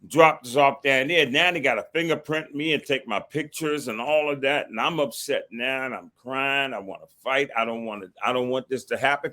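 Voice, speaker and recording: An older man from Washington, D.C., a retired marshal who is a guest on the show, telling a personal story in a lively way and acting out the dialogue he quotes. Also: mid-range voice. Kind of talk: storytelling interview.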